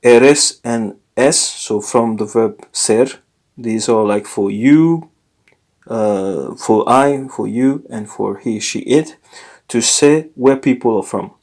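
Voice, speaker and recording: Man teaching a lesson, halting and self-correcting. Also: mid-range voice, darkish tone. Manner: unscripted, self-correcting, frequent fillers and restarts. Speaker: language teacher. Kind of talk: informal recorded lesson.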